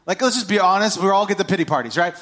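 A man preaching a sermon, animated and playful as he talks to the congregation. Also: sits high, rapid-fire. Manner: animated, jumps into playful voices.

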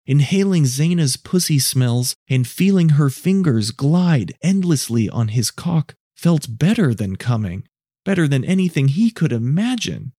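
A man narrating a scripted story in a measured, low-key way. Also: big pitch swings, dark tone, breathy edge, dry recording, studio quality.

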